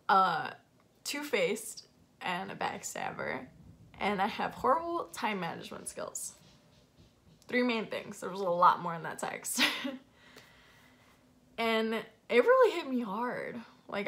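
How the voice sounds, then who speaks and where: Bright-voiced young woman telling a story. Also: medium pitch, creaky. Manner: candid and confessional, with frequent "like" fillers. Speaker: vlogger. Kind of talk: casual storytime vlog.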